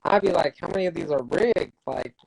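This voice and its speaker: A talk show co-host chatting casually, responding quickly and restarting phrases while thinking. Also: mid-range voice, lively intonation, vocal fry, darkish tone, husky, no room sound, low-quality recording. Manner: conversational, quick backchannels, restarts when thinking. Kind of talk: casual chat.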